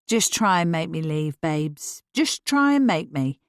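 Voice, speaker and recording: A woman reading a cheeky, teasing male friend in a story, lowering her voice for him. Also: sing-song, a little slow, smooth, no echo, clean studio sound, full character voice. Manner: teasing, lazy. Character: cheeky teasing man, lanky old friend.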